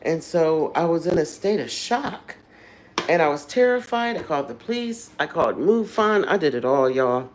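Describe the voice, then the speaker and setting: A woman with a low voice hosts a casual livestream. She talks openly and with feeling, speaking right to her viewers. There is a faint noise in the background. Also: expressive, moderate pace, poor audio. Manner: emotional, candid, addresses viewers directly. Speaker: livestream host.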